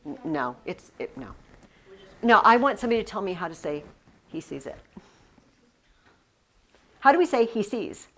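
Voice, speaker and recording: A woman teaching a Latin class in a classroom, explaining slowly with frequent restarts. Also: mid-range voice, sing-song, fairly bright tone. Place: classroom with students.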